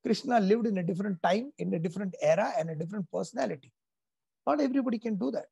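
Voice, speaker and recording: A man's voice: high-pitched, very fast, vocal fry, warm tone, breathy edge. A man giving a spiritual lecture to a class, emphatic and storytelling, repeating key phrases. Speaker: spiritual teacher.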